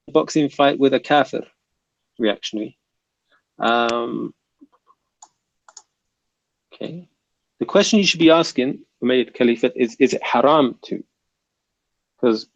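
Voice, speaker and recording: A man's voice: medium pitch, darkish tone, dry recording, dull audio. A man with a South London accent hosting a casual livestream, reading viewer comments aloud and bantering. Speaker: livestream host reading chat.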